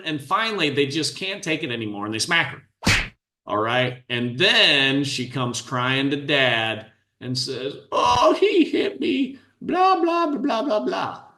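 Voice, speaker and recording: A man's voice: mid-range voice, sharp tone, echoey room. A middle-aged man, a podcast host, giving blunt, scornful commentary on a clip.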